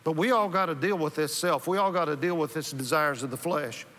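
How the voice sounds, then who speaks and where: Man, pastor, conversational sermon, fairly high voice, long church reverb. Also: fairly quick, fairly bright tone. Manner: conversational, often restarts and repeats words. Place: church sanctuary.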